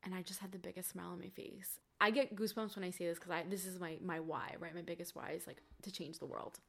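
A woman's voice: fairly low pitch, fairly even intonation, fast talker, vocal fry, a bit bright, breathy edge. A young woman, a podcast guest, telling her story in a candid, casual way, swearing freely and saying "like" a lot. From Cuban family.

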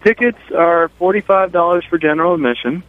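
A man's voice: high voice, brisk. Man on a tinny phone line. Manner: enthusiastic, rambling with fillers. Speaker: brewery owner calling in. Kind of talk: casual phone interview. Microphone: telephone.

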